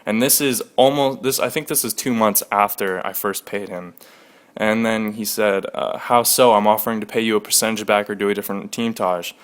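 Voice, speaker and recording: A young man with a slightly low, smooth and clear voice tells his audience about being wronged. He talks casually and quickly, with a steady aggrieved edge and plenty of swearing. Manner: aggrieved, recounting a dispute with frequent profanity. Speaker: gaming clan leader. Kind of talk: casual screen-recorded rant.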